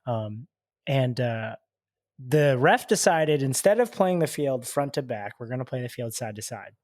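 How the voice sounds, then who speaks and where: A man in his twenties from Chicago, a guest telling stories in a casual, animated way, full of "like" and "dude". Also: medium pitch, a little slow, no room sound, clean studio sound. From Chicago, USA. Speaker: podcast guest, paintball player. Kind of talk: casual storytelling.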